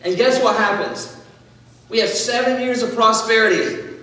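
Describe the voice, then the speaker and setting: A man with a high voice tells a Bible story as a laid-back sermon, chatty and animated, with plenty of "like" and restarts. He is heard from far off in a large hall, and his words ring in a long, echoing reverb. A faint hum of noise sits underneath. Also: normal speed. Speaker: student speaker.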